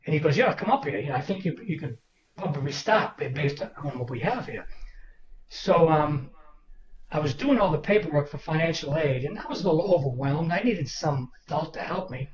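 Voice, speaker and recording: Older man, lively storyteller, slightly high voice, distant roomy lo-fi sound with a crowd behind. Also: moderate pace. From Boston, Massachusetts. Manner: animated anecdotal storyteller, acts out quoted people. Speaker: author guest. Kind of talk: storytelling interview.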